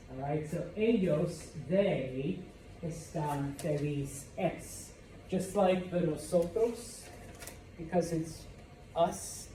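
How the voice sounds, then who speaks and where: A man's voice: sits high, warm tone, a little hiss or hum. A male Spanish teacher giving a classroom lesson, explaining patiently and checking in with "okay?" and "all right?".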